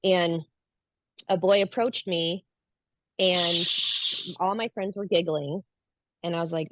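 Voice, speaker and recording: Speaking slowly with frequent pauses, a woman on the low side keeps her intonation fairly even as she shares a personal spiritual experience. She's earnest yet casual, acting out the things she once said, and the dry recording has a dull, lo-fi quality.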